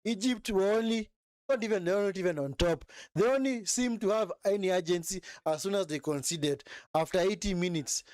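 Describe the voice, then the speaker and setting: A man's voice: sits high, normal speed, a little mellow, no room sound, studio quality. A young man hosting a live football watch-along, mocking and scolding the players in a long rant. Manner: mimics players in whiny put-on voices.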